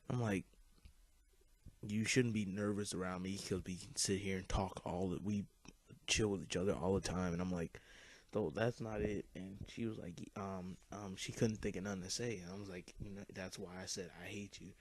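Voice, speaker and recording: A teenage boy with a deep, low voice tells a personal story over gameplay, rambling along with plenty of fillers and casual swearing. The sound is dry and close, with no room around it. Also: unhurried, warm tone, no echo. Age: teens. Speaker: YouTube commentator.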